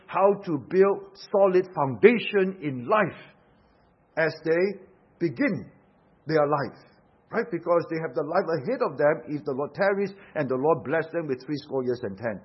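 Emphatic preacher, husky slightly high voice. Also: male voice. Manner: emphatic, rhetorical questions, rising and falling force. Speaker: pastor. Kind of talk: sermon. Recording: dull lo-fi sound.

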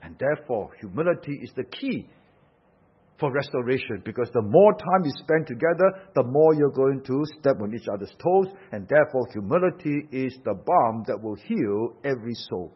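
A man's voice: mid-range voice, animated, moderate pace, husky. A man preaching a sermon, emphatic, asking rhetorical questions and swelling and dropping his force. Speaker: pastor. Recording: dull lo-fi sound.

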